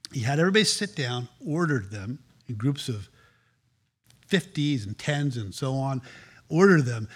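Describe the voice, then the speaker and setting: A man preaching a sermon as pastor, animated, acting out quoted voices with shifts of tone. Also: mid-range voice, breathy edge.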